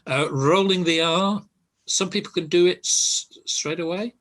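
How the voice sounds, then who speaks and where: An older man giving a relaxed, reassuring language lesson, pausing often with ums and uhs. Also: high-pitched. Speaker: Spanish teacher.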